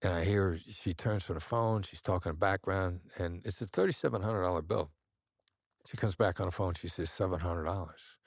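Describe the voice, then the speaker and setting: A man as a guest on an interview podcast, telling measured anecdotes and acting out the voices he quotes. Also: sits low, gravelly, no echo, clean studio sound. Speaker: guest, negotiation expert.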